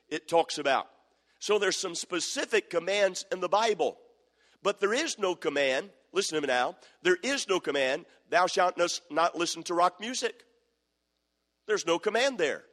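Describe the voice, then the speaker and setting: A man's voice: high-pitched, animated, normal speed, a bit bright. A man preaching a sermon, firmly repeating questions to the congregation and quoting verses in old scripture wording. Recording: long hall reverb.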